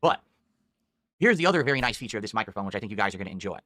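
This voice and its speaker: A man talking viewers through his new microphone, defensive and rambling. He speaks quickly in a bright, sharp voice. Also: lowish voice, sing-song, no echo, clean studio sound. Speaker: content creator reviewing a microphone. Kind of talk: product talk to viewers.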